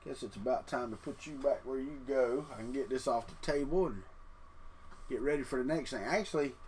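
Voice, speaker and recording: A man's voice: medium pitch, fairly quick, darkish tone, slight background noise. A man, hosting a casual livestream from his trailer home and chatting folksily with viewers. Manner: folksy, talks straight to chat. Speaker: 3D printing livestream host.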